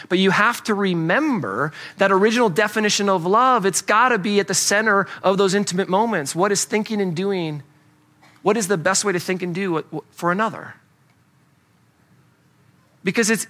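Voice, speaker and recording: Bright-voiced man preaching a sermon. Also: on the high side. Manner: earnest, repeats key lines for emphasis. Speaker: pastor.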